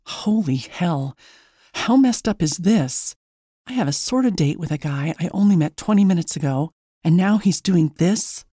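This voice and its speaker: A woman's voice: fairly low pitch, expressive, moderate pace, mellow, breathy edge, no echo, clean studio sound. A woman narrating a first-person story in a chatty, wry, self-mocking way.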